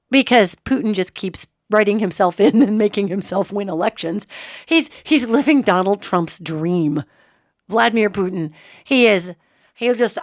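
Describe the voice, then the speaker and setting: Chatty, animated American woman host. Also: a little high, no echo, studio quality. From United States. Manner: chatty, emphatic, sarcastic asides. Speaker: host and psychic. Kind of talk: casual monologue.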